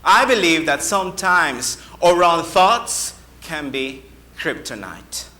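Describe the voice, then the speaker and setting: Slow, emphatic man orating in a hall. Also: a little high, big pitch swings, bright, forceful tone. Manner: slow and emphatic with dramatic pauses. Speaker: contest speaker. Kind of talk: speech contest oration. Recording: echoey hall.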